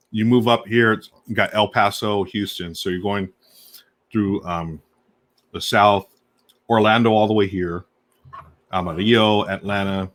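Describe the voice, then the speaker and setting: A man hosting a casual live stream, chatting enthusiastically to viewers while unboxing a board game and snacking, with plenty of fillers as he thinks aloud. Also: fairly low pitch. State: munching snacks while talking. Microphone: desk microphone on a live stream.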